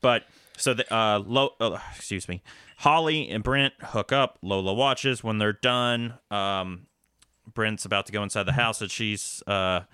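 Brief: male podcast co-host, low and bright, rambling casual recap, dry close mic. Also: measured pace, clear, resonant tone, no echo. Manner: rambling, loose recap with many fillers and restarts. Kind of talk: casual movie recap chat.

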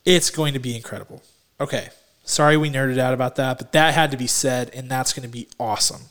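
Excitable fanboy podcast host, man. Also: mid-range voice, a little fast. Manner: excitable, gushing fanboy energy, many "like"s. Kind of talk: casual movie podcast chat.

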